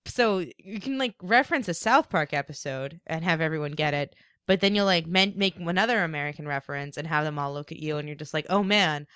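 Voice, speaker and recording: A woman's voice: sits low, fast talker, smooth, no echo, clean studio sound. A woman co-hosting a podcast, telling stories in casual chat with lots of filler words. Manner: storytelling, animated, many fillers. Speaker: podcast co-host.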